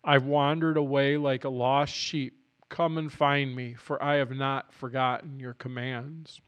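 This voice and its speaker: A man reads scripture aloud for his podcast, earnest and unhurried, with a tickle in his throat and a voice on the verge of giving out. His tone is smooth and clean underneath the strain, at a middling pitch. The studio mic is close and the room sounds completely dry. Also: level tone, a bit bright, no room sound, highs cut off. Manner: earnest, unhurried reading, apologetic asides. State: scratchy throat, voice going. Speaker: Bible reading podcast host. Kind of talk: scripture reading.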